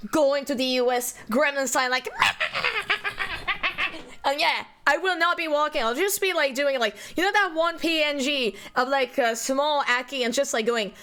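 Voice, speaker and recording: A woman's voice: sits high, moderate pace, few pauses, a bit bright, a little hiss or hum. A young woman, not a native English speaker, chatting casually and giggling with her live chat as a streamer. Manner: chatty, giggly, many fillers and restarts. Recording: faint music behind.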